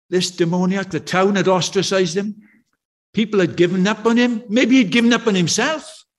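A man preaching a sermon in a church, talking in a conversational way, telling stories and asking his listeners questions. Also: sits high. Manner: conversational, anecdotal, full of rhetorical questions.

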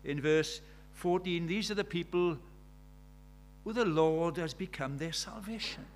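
A man's voice: fairly high pitch, unhurried, a little hiss or hum. An older man, preaching a sermon in a conversational way, full of rhetorical questions.

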